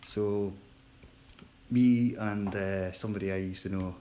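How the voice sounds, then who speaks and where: Deep-voiced man chatting quietly. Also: fairly even intonation, measured pace, slight background noise, poor audio. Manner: rambling, chatty, self-deprecating; talking quietly. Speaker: livestreamer on a work break. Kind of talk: casual live-stream chat to viewers.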